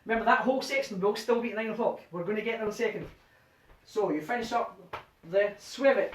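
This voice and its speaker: A man's voice: high voice, fast, a little hiss or hum. Man calling dance counts in a roomy living room. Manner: counts steps aloud in a rhythmic chant. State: a bit out of breath. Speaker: line dance instructor. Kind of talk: teaching a dance workshop from home. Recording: roomy, distant home video sound.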